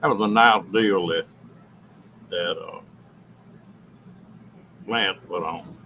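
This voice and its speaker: A man's voice: low-pitched, vocal fry, poor audio. A man who lives in an RV, chatting easily with viewers and answering their comments by name on a live stream. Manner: relaxed and chatty, with drawn-out laughs. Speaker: host of a live stream chat. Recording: faint background noise.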